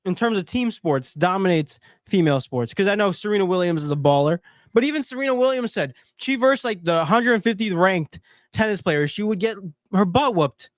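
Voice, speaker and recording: A man's voice: sits high, animated, moderate pace, no room sound, studio quality. A man co-hosting a casual sports podcast, reading out viewer comments and joking bluntly, with a congested nose. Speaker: podcast co-host.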